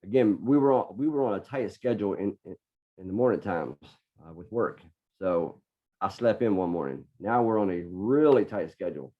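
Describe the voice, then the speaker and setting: A middle-aged man with a lowish, animated voice speaks at normal speed as a podcast guest. He tells a personal story earnestly, often repeating words while he gathers his thoughts. The podcast audio is dull and lo-fi.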